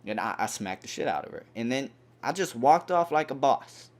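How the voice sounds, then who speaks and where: A young man hosting a gaming channel, telling a rambling, animated story over gameplay with plenty of fillers. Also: medium pitch, normal speed.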